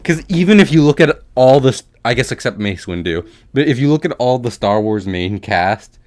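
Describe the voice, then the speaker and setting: A man's voice: medium pitch, lively intonation, normal speed, a little mellow. A young man co-hosting a podcast, rambling and joking in casual chat. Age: young adult. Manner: rambling, joking, puts on mock English accents. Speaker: podcast co-host.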